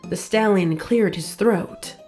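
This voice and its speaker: A woman reads a pony fan story aloud in an even, storytelling manner. Her voice sits at a middle pitch. Faint music plays behind her. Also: slow pace. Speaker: fanfic narrator. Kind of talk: storybook reading.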